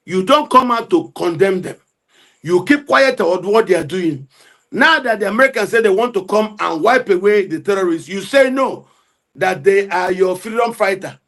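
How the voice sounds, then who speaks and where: A man giving heated political commentary, forceful and repetitive as he argues. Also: high-pitched.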